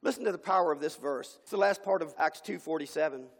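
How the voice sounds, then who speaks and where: Gravelly high-voiced man preaching. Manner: impassioned preaching with dramatic pauses. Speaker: pastor. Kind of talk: sermon. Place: church sanctuary. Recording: long hall reverb.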